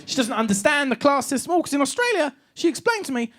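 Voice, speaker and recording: A man's voice: very high-pitched, big pitch swings, fast talker, a bit bright. A young Scottish man doing a stand-up comedy set on a club stage, sardonic and punchy.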